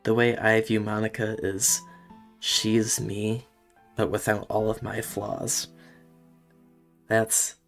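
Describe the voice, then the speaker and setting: A man with a deep, heavily gravelly voice chats casually through a game session, with faint music underneath. He talks in an emotional, self-conscious way and reaches for mild stand-in swear words. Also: completely flat delivery, slow pace, long pauses. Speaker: let's play gamer. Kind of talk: casual gameplay commentary.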